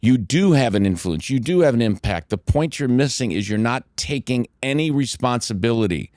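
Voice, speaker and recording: A man's voice: medium pitch, animated, moderate pace, darkish tone, no room sound, clean studio sound. An older man co-hosting a podcast, giving blunt, emphatic life advice and swearing freely. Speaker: podcast co-host and mentor. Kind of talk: casual motivational talk.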